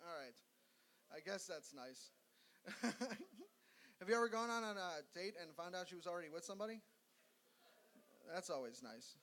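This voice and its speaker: A man's voice: sits high, expressive, normal speed, pauses often, a bit bright. A man improvising stand-up, rambling and hesitant with many fillers. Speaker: comedy contestant.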